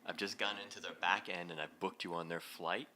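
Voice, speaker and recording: A man giving an inspirational talk to a live audience, telling a story in a lively way and laughing often. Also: low voice, brisk, a little hiss or hum. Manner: animated, laughing as he acts out the story. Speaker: speaker leading a heart talk. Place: event hall.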